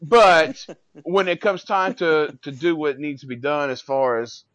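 A man's voice: on the high side, a little slow, a bit bright, dry recording. A man co-hosting a casual wrestling podcast, opinionated with old-school views. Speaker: podcast co-host. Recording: dry, dull, lo-fi audio.

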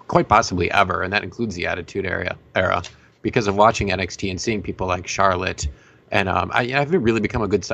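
Gravelly low-voiced man on a podcast. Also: fairly bright tone. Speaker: podcast panelist. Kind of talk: casual panel chat.

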